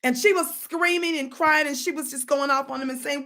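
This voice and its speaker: A woman hosts a casual live stream with a high, bright voice. She talks to her viewers in an animated, preachy call-and-response style. Her storytelling sounds lively and direct. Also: moderate pace, few pauses. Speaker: livestream host.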